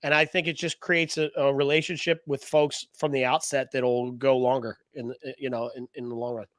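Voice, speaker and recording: A man's voice: medium pitch, moderate pace, no room sound, clean studio sound. A man co-hosting a real estate podcast who chats casually and animatedly, acting out quotes. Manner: animated, acts out quotes in different voices. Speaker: podcast co-host.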